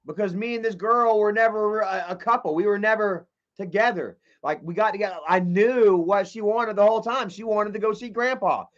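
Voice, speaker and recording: A man's voice: high voice, moderate pace, hardly any pauses. A man streaming live, telling a long, rambling, profane personal story and reading chat messages aloud. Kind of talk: livestream storytelling. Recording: dull lo-fi stream audio.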